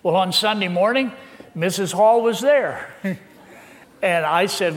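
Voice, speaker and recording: An older man, a pastor, telling a personal story in a sermon with lively, laughing delivery. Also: high-pitched, slow, pauses often. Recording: long hall reverb.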